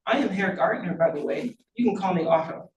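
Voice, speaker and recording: A woman's voice: lowish voice, a little fast, a little hiss or hum, lightly acted. A woman voicing a kind, friendly old immigrant janitor man. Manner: warm, friendly. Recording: roomy, distant mic.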